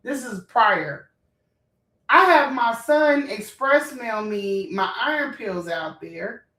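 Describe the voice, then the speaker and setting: A fired-up woman with a fairly high voice and rants to her viewers. She is blunt and profane, and her emotional telling rings in an echoey room. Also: expressive, slow, fairly bright tone, distant mic. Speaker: vlogger. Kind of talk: heated storytime rant.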